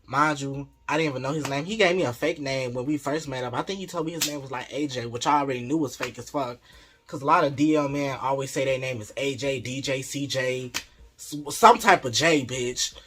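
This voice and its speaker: Animated man with a bright voice. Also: medium pitch, fairly quick, a little hiss or hum. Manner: animated, slangy, laughing. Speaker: vlogger. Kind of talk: casual storytelling.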